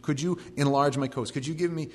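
A sorrowful man pleads softly and earnestly for a blessing, played by a preacher. His hushed voice carries a long hall reverb. A faint hum sits underneath. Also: a little high, steady tone, brisk, close to an everyday voice. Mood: pleading.

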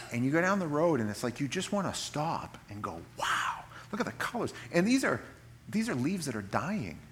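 A man preaching a sermon in an animated, folksy way, reading scripture slowly and solemnly between joking asides. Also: medium pitch. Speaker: pastor.

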